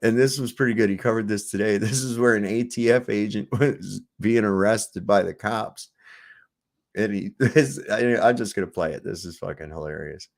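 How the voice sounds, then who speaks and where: A man's voice: lowish voice, normal speed, gravelly. A man giving casual, profane commentary on video clips, laughing and mocking as he talks. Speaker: streamer reacting to clips.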